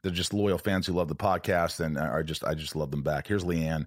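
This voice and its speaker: A man hosting a podcast in casual chat, playful and teasing, dropping to a mumble and then bursting out loud. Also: extremely low pitch, fairly even intonation, moderate pace, hardly any pauses, dry recording, studio quality. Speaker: podcast host.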